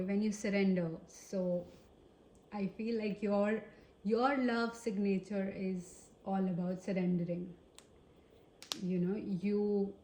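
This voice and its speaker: Indian-accented woman tarot reader, slow and hesitant, mellow tone, roomy recording. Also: mid-range voice, slight background noise. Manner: hesitant, searching for words with many fillers. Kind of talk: casual tarot reading to camera. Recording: roomy echo.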